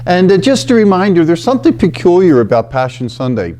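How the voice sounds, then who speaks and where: A male priest giving a reflective scripture talk, explaining in an unhurried way and reading scripture slowly and solemnly. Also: high voice, big pitch swings, dark tone. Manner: frequent fillers and restarts, unhurried explanatory delivery.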